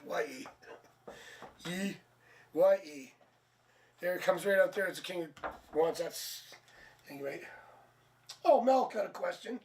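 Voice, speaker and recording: A man hosting a live tarot stream, chatting casually and sounding tired and low on energy. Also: a little mellow. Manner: chatty, laughs at himself, thinks aloud. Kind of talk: casual live-stream chat and card reading. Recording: distant mic, faint background noise.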